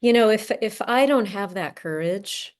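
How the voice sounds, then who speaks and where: A woman hosting a podcast, asking an interviewee measured, thoughtful questions. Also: mid-range voice, animated. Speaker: podcast host.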